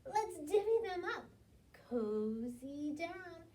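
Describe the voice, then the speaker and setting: Woman voicing a grinning badger, friendly and generous, high lively voice, far off with faint noise. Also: slow pace, heavily acted. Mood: cheery.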